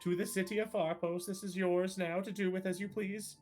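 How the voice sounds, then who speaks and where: A man's voice: high voice, flat delivery, normal speed, darkish tone, soft background music, pitched above the performer's own voice, natural voice. A man doing a fussy, stammering Crown official. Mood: pompous. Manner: hesitant, stammering formal speech.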